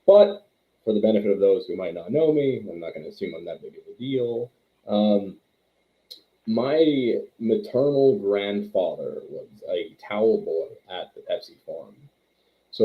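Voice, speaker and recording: A man's voice: lowish voice, animated, normal speed. A man in his thirties from Quebec, telling rambling, self-deprecating stories as an interview guest. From Quebec, Canada. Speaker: wrestler and trainer, guest. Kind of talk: casual interview storytelling. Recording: tinny phone-like line.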